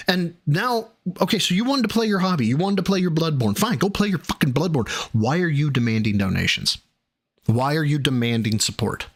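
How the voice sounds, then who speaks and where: A man's voice: on the high side, lively intonation, fairly quick. A man hosting a stream who reacts to clips with profane, mocking and exasperated commentary into a desk microphone. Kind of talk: sarcastic commentary.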